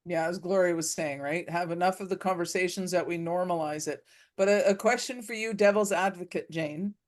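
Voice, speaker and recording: Friendly woman hosting a panel. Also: lowish voice. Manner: friendly, measured, asks long questions. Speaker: host. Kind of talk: moderating a panel discussion.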